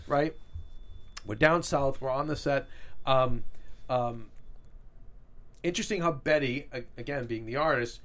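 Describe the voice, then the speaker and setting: A man co-hosting a casual recap chat, animated and excitable, acting out what others said. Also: on the high side. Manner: animated, excitable, acts out quotes. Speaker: podcast co-host.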